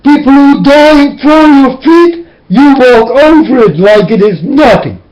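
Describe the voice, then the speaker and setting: A man's voice: extremely high pitch, animated, unhurried, a little mellow. A man giving an emotional religious monologue from his room, pleading and preaching as his voice keeps breaking into tears. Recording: dull lo-fi recording.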